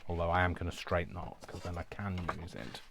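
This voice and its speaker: A man's voice: sits low, fast, gravelly, noisy background. A man vlogging while he does crafts, talking to himself by name in a giggly, rambling way. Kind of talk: casual talk while crafting.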